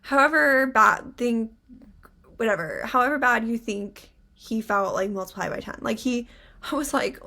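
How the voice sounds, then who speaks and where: Young woman podcast co-host, chatty and a bit high-voiced, spins a story with lots of "like" and acted-out quotes. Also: normal speed. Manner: animated storyteller, acts out quotes, many "like" fillers. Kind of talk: casual chat, storytelling.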